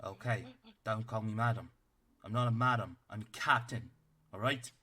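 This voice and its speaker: A man's voice: fairly low pitch, moderate pace, sharp tone. A man voicing a tiny, fierce female rabbit-folk captain who is bossy and stern, in a tabletop game. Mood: scolding. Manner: scolding, clipped commands.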